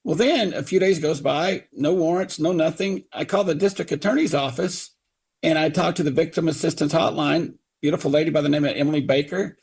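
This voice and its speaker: Upset middle-aged father, gravelly voice, retells and mimics officials. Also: a little high, brisk, darkish tone. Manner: indignant, quotes others in put-on voices. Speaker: father of a victim, radio guest. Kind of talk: angry retelling on talk radio.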